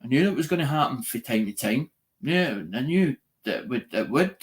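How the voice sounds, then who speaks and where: A man's voice: medium pitch, expressive, brisk. A man ranting in a live-stream monologue, swearing a lot, repeating himself and restarting his sentences. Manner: sweary, repetitive, restarts often.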